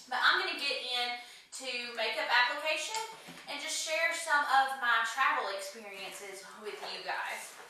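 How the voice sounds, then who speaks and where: A chatty woman talks her way through a makeup routine in a breezy, rambling way. Her voice sits a little high and sounds bright and crisp. The room rings with strong echo because the mic is some distance away. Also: lively intonation, unhurried, a little hiss or hum. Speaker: beauty vlogger. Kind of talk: casual makeup tutorial chat.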